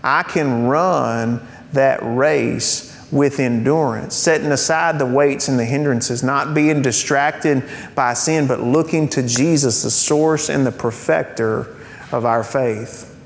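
Taking it slowly in a creaky voice, a man delivers a sermon to his congregation. He keeps it conversational, with rhetorical questions and light jokes, in a reverberant hall where a faint rumble can be heard.

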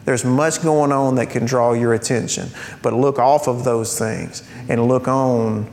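A pastor preaches to his congregation in a conversational way, using rhetorical questions and light humorous asides. His voice is steady and darkish with vocal fry, a little slow. The recording comes from a reverberant hall with a faint rumble.

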